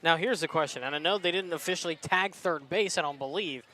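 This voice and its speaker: A man doing color commentary on a softball game, explaining strategy in a relaxed coaching tone. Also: on the high side, fairly quick, slight background noise. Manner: analytical, coaching tone, laughs easily. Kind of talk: live sports commentary.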